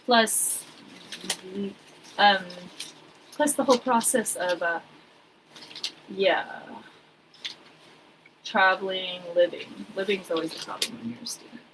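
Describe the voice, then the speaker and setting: Woman, 40s, casual vlogger, rambling with wry asides, clear background noise on the recording. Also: mid-range voice, a little slow, long pauses. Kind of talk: casual chat while sorting old papers.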